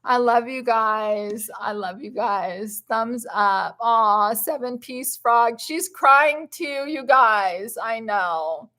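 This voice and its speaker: Woman vlogger, high voice, slow unhurried delivery, effusive and encouraging live-stream chat. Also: bright, forceful tone. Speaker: plant-based lifestyle vlogger.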